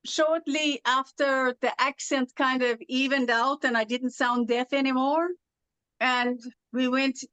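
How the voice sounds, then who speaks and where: A woman's voice: high voice, a bit bright, no room sound, rough recording. A woman from Southern California who speaks with a foreign-sounding accent, giving Irish-like R's in some words, with a sing-song lilt, chatting as a guest and telling stories with plenty of fillers. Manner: chatty storyteller, with frequent fillers. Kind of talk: casual conversation.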